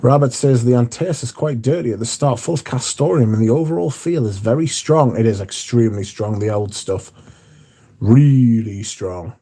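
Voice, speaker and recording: A man's voice: mid-range voice, animated, fairly quick, hardly any pauses, warm tone, breathy edge. A man hosting a casual livestream, reading viewer comments aloud and answering them, swearing casually. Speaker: livestream host reading chat.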